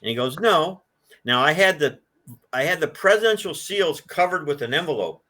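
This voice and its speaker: Older man with a bright, forceful voice. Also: on the high side, lively intonation, a little fast. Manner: rambling anecdotal storytelling, acts out quoted voices. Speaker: guest, collector of a presidential car. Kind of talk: casual storytelling interview.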